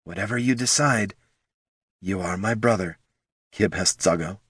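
A man voicing a young orc woman who speaks strong, clear and earnest. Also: sits low, measured pace, a bit bright, dry recording, clean studio sound, exaggerated voice. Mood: steady resolve. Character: young wounded orc woman, proud and steadfast.

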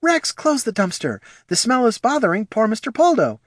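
A man voicing a poor, proud female gnoll mother who speaks softly and pleads, in a storybook reading. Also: extremely high pitch, sing-song, moderate pace, no echo, clean studio sound, voice pushed up, full character voice. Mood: pleading.

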